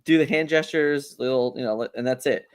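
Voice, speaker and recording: A man's voice: medium pitch, a little fast, smooth. Podcast host guy, chill and teasing, normal midrange voice. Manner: relaxed, teasing. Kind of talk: casual podcast chat.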